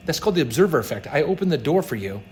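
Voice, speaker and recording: A man, a practitioner being interviewed, telling patient stories in a casual, animated way and acting out the voices of people he quotes. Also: fairly high pitch, rapid-fire, a little hiss or hum. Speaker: healthcare practitioner guest.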